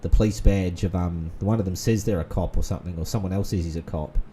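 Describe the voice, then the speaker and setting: A man's voice: low voice, steady tone, fast talker, mellow, a little hiss or hum. A man, rambling in casual gaming commentary full of fillers and restarts. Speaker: gaming channel host. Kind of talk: casual let's-play commentary.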